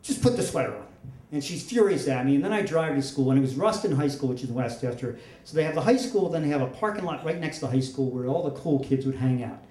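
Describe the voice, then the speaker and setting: A man's voice: medium pitch, animated, fast, few pauses, dark tone. 50s guy telling a funny story on a stage, wry and self-deprecating, bit of room echo. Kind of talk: live comedic storytelling. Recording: roomy echo.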